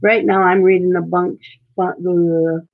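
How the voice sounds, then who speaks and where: The coloring channel host has a fairly low, flat voice and speaks at a slow pace, heard through narrow, tinny audio. She colors on a live stream while chatting casually, reading viewer comments aloud and replying.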